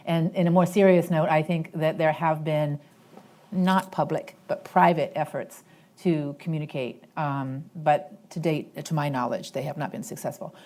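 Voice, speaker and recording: A woman speaking as a panelist at a policy discussion, measured and diplomatic, choosing her words carefully. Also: deep voice, steady tone, a little mellow.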